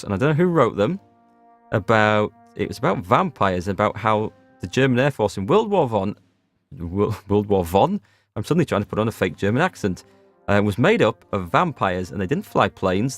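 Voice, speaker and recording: A man gives a casual let's-play commentary, joking as he goes and talking to his viewers. His voice sits fairly low and has a gravelly edge. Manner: joking, talks to chat while playing. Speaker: gaming video host.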